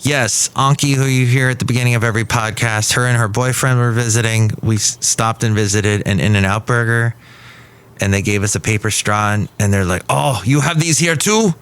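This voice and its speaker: A man's voice: fairly low pitch, steady tone, brisk, a bit bright, clear, resonant tone. A man hosting a comic one-man podcast, rambling playfully with jokey asides. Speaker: podcast host.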